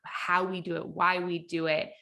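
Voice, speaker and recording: A woman hosting a podcast, thinking aloud in a relaxed, conversational way. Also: lowish voice, normal speed, vocal fry. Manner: thoughtful, conversational, many fillers and restarts while thinking aloud. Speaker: podcast host.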